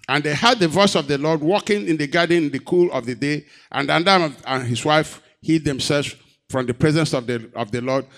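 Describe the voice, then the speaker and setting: A man preaches a sermon, reading scripture and posing rhetorical questions to the congregation. His delivery swings between loud, raised emphasis and quiet, low passages.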